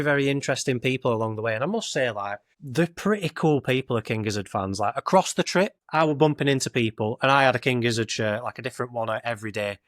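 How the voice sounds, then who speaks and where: A man's voice: medium pitch, no room sound, studio quality. Lancashire man telling a rambling story. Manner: rambling anecdotal, northern dialect "I were", "it were". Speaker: podcast co-host. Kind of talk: casual storytelling chat.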